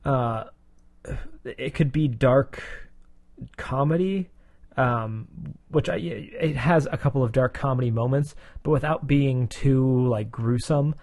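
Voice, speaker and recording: Mid-pitched man in casual podcast chat. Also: slow pace, darkish tone, no room sound, studio quality. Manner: rambling, hesitant, self-deprecating. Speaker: podcast co-host.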